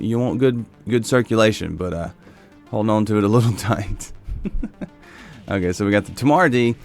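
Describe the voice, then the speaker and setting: A man with a very low, gravelly voice chats casually over gameplay, thinking aloud as he goes. His delivery is relaxed and unhurried. Soft music plays faintly underneath. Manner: relaxed, musing, thinks aloud while browsing weapons. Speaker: gaming video host.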